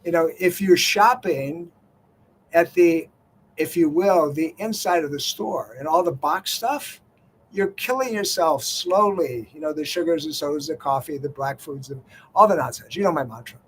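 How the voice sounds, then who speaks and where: A man's voice: fairly high pitch, moderate pace, slight background noise. An older man hosting a radio health show, talking in a folksy, conversational way with lots of "you know" fillers. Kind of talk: talk radio monologue.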